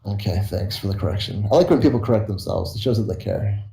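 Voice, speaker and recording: A man's voice: on the low side, fast, creaky, dark tone. A tired young man rambling casually and swearing freely as he chats with his viewers. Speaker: YouTuber streaming to viewers. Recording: roomy echo.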